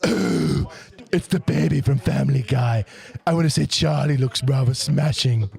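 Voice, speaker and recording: A man doing high, posh-accented cartoon-character voices in a mocking, teasing way. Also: big pitch swings, quick pace, vocal fry.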